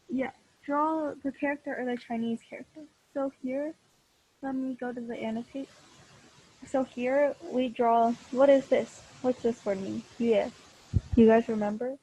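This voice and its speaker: Young woman, online class teacher; slow, patient, husky and mellow, plenty of "um" and restarts. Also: fairly high pitch, fairly even intonation, poor audio. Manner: slow, patient explaining with frequent fillers and restarts. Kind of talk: online class lesson over video call. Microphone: computer mic on a video call.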